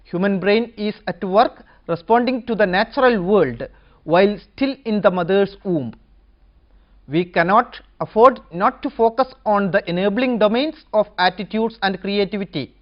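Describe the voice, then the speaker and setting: Female lecturer, mid-pitched, measured, listing points one by one; slightly muffled lo-fi audio. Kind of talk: educational lecture.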